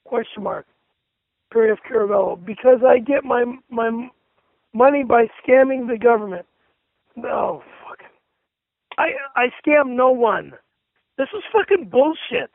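Really high-voiced guy raging and swearing, reading texts aloud, dry close sound. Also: animated, measured pace, creaky, pauses often, no echo, narrow, tinny audio. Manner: furious, profane, reads punctuation aloud. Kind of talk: angry rant reading messages aloud.

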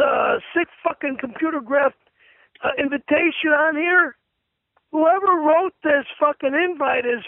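A man's voice: extremely high pitch, dry recording. A man ranting in a furious, profane, stammering way as he reads out posts on a comic radio call. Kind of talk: angry comic radio rant. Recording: tinny phone line on radio.

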